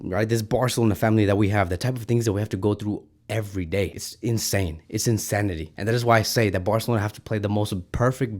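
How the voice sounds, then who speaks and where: A man hosting a football fan channel, giving an excited, ranting reaction to a match and repeating himself when worked up. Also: on the low side.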